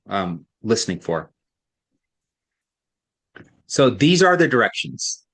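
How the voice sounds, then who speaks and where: A man tutors a single student in reading, with a voice neither high nor low. He explains patiently step by step and keeps checking for understanding. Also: a bit bright.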